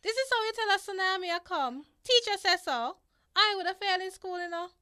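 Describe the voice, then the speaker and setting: Sammy, a woman doing a squeaky schoolboy. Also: lively intonation, fairly quick, bright, forceful tone, no echo, clean studio sound, exaggerated voice. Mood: chatty. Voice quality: childlike, chirpy. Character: cheeky little schoolboy pupil. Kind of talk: comedy sketch.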